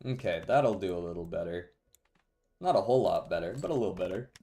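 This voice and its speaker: A man's voice: low-pitched, animated, fairly quick, dark tone, soft background music. A young man streaming a card game, giving dry, sarcastic commentary and swearing freely. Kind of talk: casual gameplay commentary.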